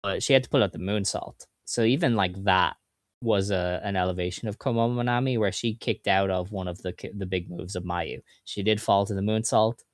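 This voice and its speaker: Low-voiced man recapping with enthusiasm. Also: steady tone, brisk, no room sound, studio quality. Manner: enthusiastic, recapping results in detail. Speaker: podcast co-host. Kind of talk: casual chat.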